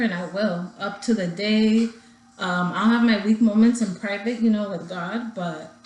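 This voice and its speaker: A woman's voice: medium pitch, reverberant, poor audio. A young woman talking casually to her viewers in a personal vlog, holding back tears as she rambles. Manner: emotional, talking through tears held back. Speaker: vlogger.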